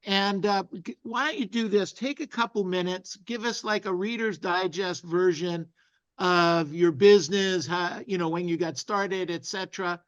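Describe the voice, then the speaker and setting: A man's voice: high-pitched, moderate pace, a bit bright, clear, resonant tone, lo-fi sound. A man hosting a casual interview, upbeat and encouraging. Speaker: interview host and sales coach.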